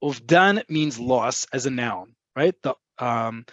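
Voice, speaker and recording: A man's voice: mid-range voice, animated, takes it slowly, a bit bright, no room sound. A man teaching a Hebrew vocabulary webinar, patiently explaining and checking in with the class. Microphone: computer mic on a video call. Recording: slightly dull lo-fi webinar audio.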